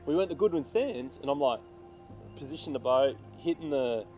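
A man's voice: medium pitch, normal speed, over music. A young Australian man, a tournament angler, chatting casually and acting out sounds as he recaps his fishing day. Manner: animated storyteller, acts out sounds and quotes.

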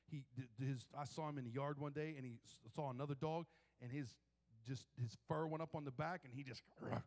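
A male pastor preaching a sermon in a church, telling stories in an animated, joking way. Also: medium pitch, a little fast. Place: church sanctuary. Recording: long hall reverb.

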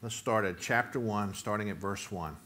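A man preaching a sermon, reading scripture and breaking into emphatic, near-shouted lines as he voices the prophet's complaint. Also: fairly low pitch, moderate pace, slight background noise. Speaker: pastor.

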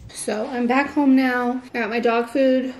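A woman's voice: on the high side, steady tone, unhurried, slight background noise. A young pregnant woman chatting casually to a handheld camera as she runs errands and relaxes at home, full of "like" fillers. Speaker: vlogger. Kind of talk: casual vlog chat.

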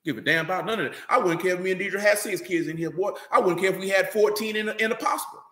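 Animated, bright-voiced man preaching. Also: high-pitched, fast, roomy sound. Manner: loose, street-talking, animated, repeats "you know what I'm talking about". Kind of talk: animated sermon.

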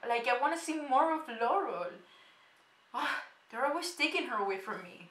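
High, lively woman reacting to a show. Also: moderate pace. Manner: expressive, laughs often, swears freely. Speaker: reaction video host. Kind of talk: casual reaction commentary. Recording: echoey room with show audio playing. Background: TV episode audio and music.

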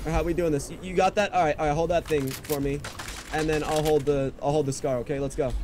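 Excitable joking man gaming. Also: on the high side, fast talker, background noise. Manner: joking, rambling, excitable in fights. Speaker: teammate in a game stream. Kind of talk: casual gaming chat.

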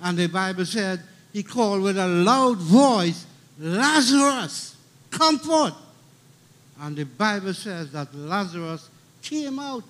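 A middle-aged man with a Trinidadian accent preaching a funeral sermon, emphatic and repeating key lines, calling out for amens. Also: sits high.

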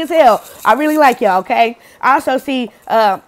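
Giving a laid-back pick-a-card tarot reading, this woman speaks at normal speed in a voice on the high side with lively intonation. She swears freely, uses slang, laughs a lot, loudly acts out quotes and often asks the viewer "okay?"

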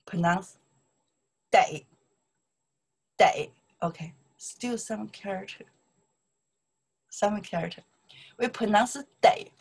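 Casting: Chinese-accented female teacher, slow and patient, a little breathy, drills each word. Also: medium pitch, poor audio. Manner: repetitive, drilling pronunciation and checking with "okay? right?". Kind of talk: online language lesson.

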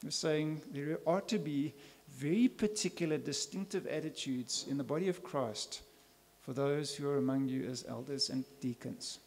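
Male pastor, slightly raised pitch, emphatic church sermon delivery. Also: moderate pace, hardly any pauses, a little mellow. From South Africa. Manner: earnest, emphatic preaching with rhetorical questions.

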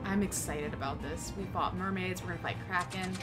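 A woman chatting casually while playing a video game with a friend, excitable and teasing, with game music behind. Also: lowish voice. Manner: excitable, teasing, quick to laugh. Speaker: co-player. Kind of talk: casual let's-play chat.

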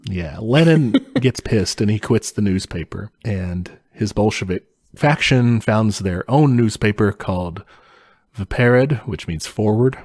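A man with a somewhat low voice talks through history in casual podcast chat. He is laid-back, chuckles often and swears casually. The sound is dry and close, with no room around it. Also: lively intonation, takes it slowly, darkish tone, dry recording. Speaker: podcast co-host explaining history.

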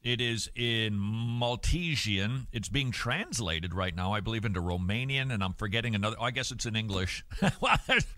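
A man hosting a Christian talk show, giving opinionated commentary in an animated, sarcastic way with jokey asides. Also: on the low side, moderate pace, no room sound. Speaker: radio host.

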